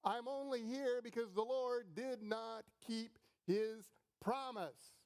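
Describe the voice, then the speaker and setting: A man's voice: very high voice, slow, pitched above the performer's own voice. A man voicing a stubborn stranded man who insistently refuses every rescue in a told joke. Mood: indignant. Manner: insistent, self-assured refusals. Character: stubborn stranded man on a flooded roof, indignant.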